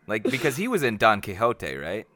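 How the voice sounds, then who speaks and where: A man co-hosting a casual film podcast, excitable and jokey, with quick asides. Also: on the low side, no room sound. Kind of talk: casual film-discussion chat.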